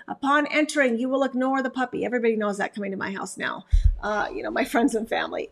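A woman's voice: a little high, fast. A woman who hosts a podcast as a dog trainer, giving casual advice in a chatty, emphatic way with frequent restarts.

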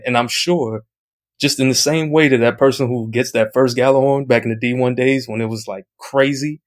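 An excitable man in a casual chat, telling a gaming story with energy and acting out other people's voices. His pitch sits in the middle range for a man. He swears mildly as he talks. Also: fairly quick. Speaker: guest, video game streamer. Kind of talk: casual anecdote on a podcast.

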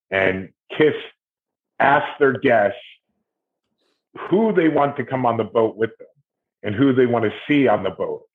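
A man from Ohio, a guest musician, telling stories in a loose, rambling way during a casual interview. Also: lowish voice. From Ohio, USA. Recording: tinny phone-like line.

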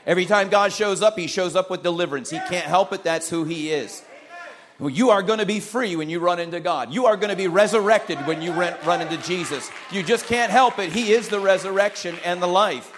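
A man with a high-pitched voice delivers a sermon as a pastor. He preaches emphatically, hammering home his points with repeated phrases and calls of amen. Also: fairly quick, fairly bright tone, slight background noise.

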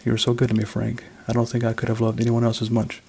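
A man reading the lines of a dead wife in a story, speaking softly and tenderly. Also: mid-range voice, completely flat delivery, quick pace, creaky, a little hiss or hum, lightly acted. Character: grieving widow's late wife, gentle middle-aged woman.

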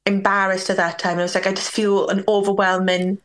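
This young Welsh podcast guest talks fairly quickly in a mid-range voice with little pitch movement. Telling a candid personal story, she leans on "like" constantly and acts out the things others said.

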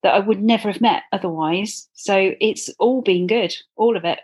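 A woman's voice: mid-range voice, normal speed, darkish tone, slightly rough. A woman guest telling her running story in a chatty, earnest way, with many ums. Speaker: guest, club runner. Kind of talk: casual interview.

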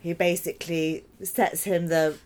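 A woman's voice: lowish voice, level tone, unhurried, a little mellow. A woman stage actor chatting in an interview, laughing often and poking fun at herself. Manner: chatty, laughing, self-deprecating. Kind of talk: casual interview.

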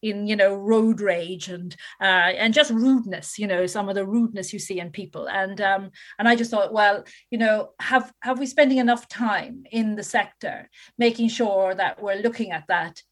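A woman interviewer who agrees warmly with her guest and thinks aloud with many fillers and restarts. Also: mid-range voice, moderate pace, few pauses. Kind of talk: conversational interview.

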